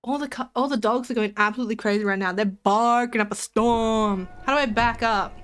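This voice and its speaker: A woman's voice: a little high, fairly even intonation, fairly quick, clean tone. A young woman streamer chatting casually with her viewers while playing a game, giggling and joking. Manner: chatty, giggly, talks to chat. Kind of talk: casual gaming commentary.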